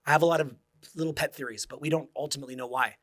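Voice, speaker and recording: A man's voice: mid-range voice, very fast, fairly bright tone. A man in his forties, a social skills coach, giving an intense, profane motivational speech that drops to near-whispers. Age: 40s.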